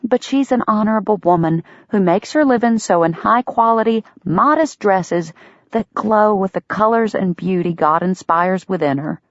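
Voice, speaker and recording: A woman reading an audiobook, voicing a spirited young woman who is indignant and quick-witted. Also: medium pitch, no echo, voice pushed up, natural voice. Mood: earnest. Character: spirited young woman, protective of her friend. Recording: dull, dry lo-fi sound.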